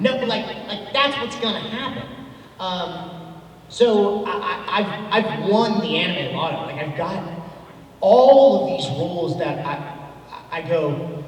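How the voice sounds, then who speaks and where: A man's voice: high voice, animated, measured pace. A man in his thirties, a voice actor chatting casually at a convention panel, rambling with many ums and restarts. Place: large convention hall. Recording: echoey hall audio from far off.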